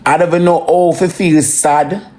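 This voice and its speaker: A parent with a Jamaican accent in an emotional, profane ranting monologue that swings between slow brooding and heated outbursts. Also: medium pitch, steady tone, a little mellow, a little hiss or hum. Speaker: social media livestreamer.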